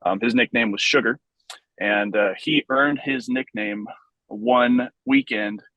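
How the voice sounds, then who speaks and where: Relaxed man with a dry, close sound. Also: mid-range voice, slow, dry recording, muffled recording. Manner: relaxed, explanatory, many ums and uhs. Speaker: vintage base ball club member, guest. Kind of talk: casual podcast storytelling.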